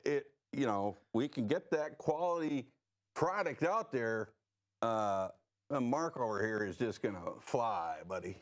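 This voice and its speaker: An improv actor as a wheeler-dealer manager with a lively, swooping voice, pitching schemes like a salesman. Live improv comedy in a TV studio. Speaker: improv performer.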